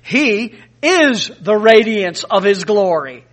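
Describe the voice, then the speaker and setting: A man preaching a sermon, emphatic, with big rises in pitch and volume, acting out the people he quotes. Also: big pitch swings, takes it slowly, a bit bright. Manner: acts out quoted speakers in scripture. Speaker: pastor.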